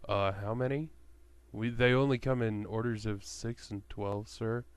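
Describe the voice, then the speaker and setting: A man voicing a confused young fast-food cashier who hesitates and mumbles, a bit lower than his own voice. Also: steady tone, clear, resonant tone, no echo, close to an everyday voice.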